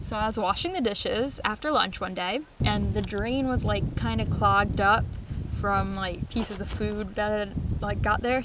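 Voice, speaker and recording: A young woman vlogging outdoors on a farm, casually telling funny stories with lots of laughs and excited squeals. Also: mid-range voice, background noise. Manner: animated, laughing, squealing when retelling scares. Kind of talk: casual storytelling vlog.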